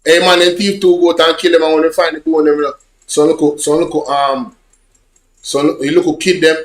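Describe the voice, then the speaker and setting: A social media vlogger with a Jamaican accent casually tells rambling, repetitive stories in patois to his online viewers. His voice is a little high with little pitch movement, fairly quick, and the sound is roomy.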